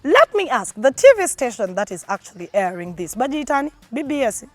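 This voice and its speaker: A woman's voice: a little high, animated, fairly quick, hardly any pauses, no echo. A young woman with a Ugandan accent, ranting indignantly and sarcastically to her viewers with heavy emphasis. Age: young adult. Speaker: vlogger. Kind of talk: opinion rant to camera.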